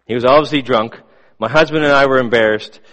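A man preaching a sermon, telling a story in measured tones that fall soft at the ends of lines. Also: medium pitch. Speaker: pastor. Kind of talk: sermon with a read-aloud story. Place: church sanctuary. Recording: long reverb of a church hall.

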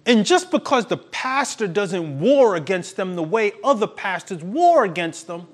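A man's voice: sits high, big pitch swings, unhurried. A male pastor preaching a sermon with emphatic, preachy delivery and laughing at his own points.

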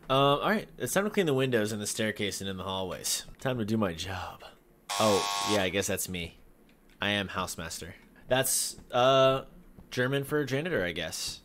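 A man with a fairly low voice jokes his way through a spooky game, chatting to viewers and breaking into sudden yelps. Faint noise hums behind him. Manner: joking, talks to viewers, sudden yelps and shouts. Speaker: gaming video host. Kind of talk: casual let's-play commentary.

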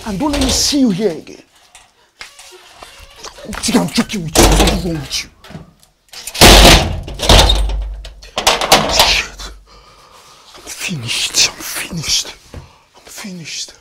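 An actor playing a heartbroken young man who accuses his bride-to-be of deceit, tearful and shouting. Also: sits high, very animated, moderate pace, pauses often, heavy background noise. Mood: furious. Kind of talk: Nollywood film drama acting.

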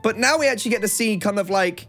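A man co-hosting a casual game playthrough, animated and quick to laugh, hyping up the viewers. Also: sits high, soft background music. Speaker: co-host gamer. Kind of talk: casual let's-play chat.

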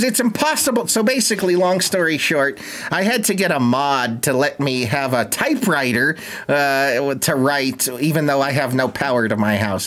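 A man's voice: mid-range voice, a bit bright. Sarcastic young man streaming a game. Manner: sarcastic, jokey, swears often. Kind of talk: casual gameplay commentary.

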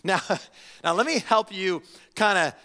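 A male pastor preaching a sermon to his congregation in an animated, conversational way, often restarting his phrases. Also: high voice, measured pace. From United States. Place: church sanctuary. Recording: long hall reverb.

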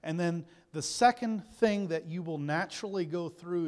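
A man preaching a sermon as pastor, lively, acting out people's doubts in quoted voices. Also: fairly high pitch, normal speed, long reverb tail. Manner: animated, acts out inner doubts in quoted voices. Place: church sanctuary.

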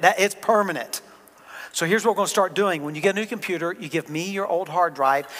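A man's voice: sits high, a bit bright. A man with a Southern American accent, preaching a sermon as the pastor of his church in a conversational, joking way. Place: church sanctuary. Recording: long hall reverb.

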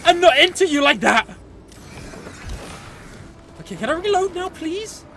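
A man giving excitable, joking let's play commentary, often shouting and swearing at the game. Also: extremely high pitch, a little slow, vocal fry, slight background noise. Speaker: gaming channel host.

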